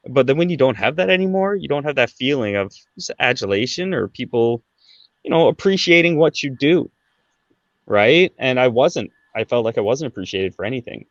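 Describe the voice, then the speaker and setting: A man's voice: medium pitch, animated, normal speed, no room sound. Man telling his story, dull dry sound. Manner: conversational, fillers like "right?" and "like". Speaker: podcast guest. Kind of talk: casual storytelling.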